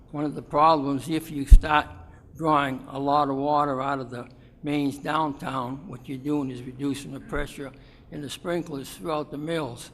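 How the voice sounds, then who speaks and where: Resident at a town meeting, man with a slightly high voice, halting, reverberant hall. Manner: halting, explanatory, with fillers. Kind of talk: public comment.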